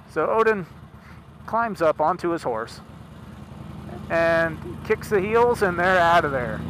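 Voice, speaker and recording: A man retells an old myth in a loose, chatty way, full of asides, while sitting in a car. He speaks slowly with a slightly high voice. A steady engine drone fills the background. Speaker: storyteller. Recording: car engine noise behind.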